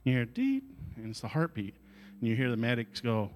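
A man's voice: medium pitch, big pitch swings, brisk, a little mellow. A male pastor delivering a sermon at a church service, telling an emotional story and moving into fervent prayer.

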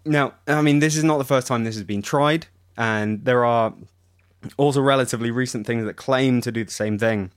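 A man co-hosting a podcast, chatting enthusiastically about audio software and explaining with examples. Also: medium pitch, normal speed, smooth, dry recording, studio quality. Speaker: podcast co-host. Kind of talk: casual tech chat.

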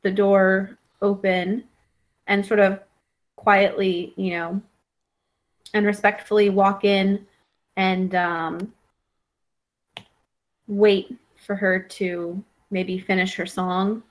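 A woman playing a character in a tabletop game, speaking gently and hesitantly with many pauses. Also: medium pitch, flat delivery, rough recording. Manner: slow, hesitant, gentle, full of pauses and fillers. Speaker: player.

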